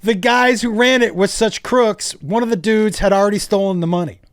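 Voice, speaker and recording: A comedian guest on a podcast, telling profane stories in lively, casual chat. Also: male voice, high-pitched, brisk, clean tone, no room sound, studio quality.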